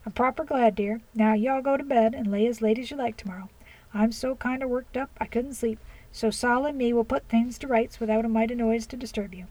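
A woman's voice: a little high, steady tone, fairly quick, darkish tone, lightly acted, rough recording. A woman reading aloud, voicing a kindly older country aunt with homespun speech. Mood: warm. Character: kindly old country aunt, homely and bustling.

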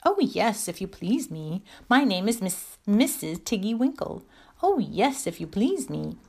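A woman's voice: medium pitch, very animated, measured pace, warm tone, slightly rough, heavily acted. A woman voicing a stout, anxious hedgehog washerwoman in a storybook reading, chatty and deferential. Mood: polite, fussy. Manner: bobbing, deferential, chatty about the washing.

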